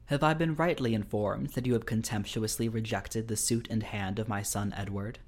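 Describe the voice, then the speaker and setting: A cold, scornful old guardian speaks in measured, formal sentences, his anger held down but plain, as a man reading the story puts him on. The voice sits a little low. It is a storybook reading, not a full performance. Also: fairly even intonation. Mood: stern. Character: stern elderly male guardian, coldly angry. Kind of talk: reading a Victorian story aloud.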